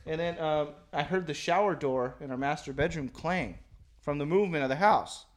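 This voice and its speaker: A man's voice: a little high, moderate pace. A man on a podcast telling a story in a casual, profane, rambling way, full of fillers and restarts. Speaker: podcast co-host.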